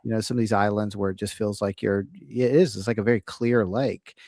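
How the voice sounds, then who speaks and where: A host leads a casual discussion, thinking aloud with frequent restarts and acting out scenarios. His voice is on the low side, brisk, a little mellow and fairly even in intonation, recorded dry with clean studio sound.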